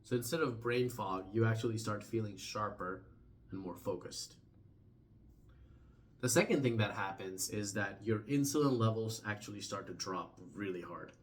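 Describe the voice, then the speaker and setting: In a casual vlog, a young man explains a topic conversationally at normal speed in a fairly low voice. He often lets phrases trail off softly and restarts words.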